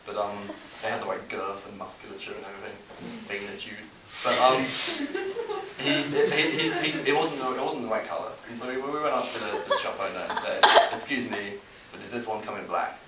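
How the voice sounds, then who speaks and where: Young British man doing halting stand-up. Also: lowish voice. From Britain. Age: young adult. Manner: halting, self-deprecating delivery with many restarts. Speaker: stand-up comic. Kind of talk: stand-up comedy set. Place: college comedy show with a live audience. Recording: echoey, distant, hissy live recording.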